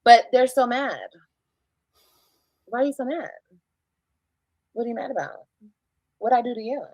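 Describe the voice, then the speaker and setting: A woman's voice: fairly high pitch, animated, measured pace, a little mellow, dry recording, low-quality recording. A woman streamer who talks defensively and emphatically, repeating her points as she answers critics. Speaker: live streamer. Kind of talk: casual live-stream talk.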